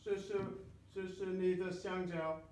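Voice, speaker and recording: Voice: mid-range voice, level tone, measured pace, a little mellow, a little hiss or hum, natural voice. A performer voicing a naughty, fruit-stealing ape puppet that apologises sheepishly. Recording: echoey room.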